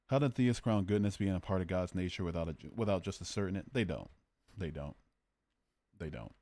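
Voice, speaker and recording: A man's voice: sits low, lively intonation, a little fast, dark tone, no room sound. A man hosting a casual livestream, arguing about morality and joking as he reads out his chat. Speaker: livestream host.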